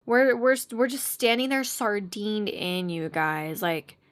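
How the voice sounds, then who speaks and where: A young woman, hosting a podcast and telling a story in a chatty, animated way, squeaking when she acts out quotes. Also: takes it slowly. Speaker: podcast host. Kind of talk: casual storytelling monologue.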